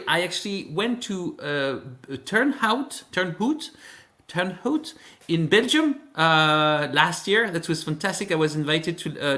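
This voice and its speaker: A man in his forties with a French accent, whose first language is French. His voice is bright and forward, and he talks in a halting way, restarting phrases and laughing often. A relaxed, chatty co-host. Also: fairly high pitch. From France. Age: 40s. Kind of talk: casual chat.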